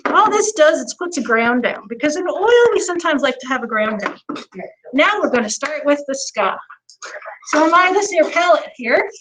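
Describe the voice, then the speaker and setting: A woman with a put-on Southern US accent teaching oil painting in a soft, folksy, gently joking livestream lesson in the manner of a TV painter. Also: high-pitched, expressive, moderate pace. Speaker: painting instructor. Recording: noisy livestream audio.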